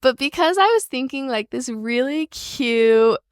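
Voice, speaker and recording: Chatty young woman with a high voice. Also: unhurried, dry recording, clean studio sound. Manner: chatty, rambling with fillers. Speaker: podcast co-host. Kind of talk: casual book club chat.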